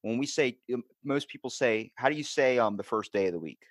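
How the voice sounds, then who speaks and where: A man in his twenties with a Baltimore accent, chatting casually as a podcast host, animated and swearing freely. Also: medium pitch, a little fast, dry recording, clean studio sound. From Maryland, USA. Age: 20s. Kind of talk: casual chat.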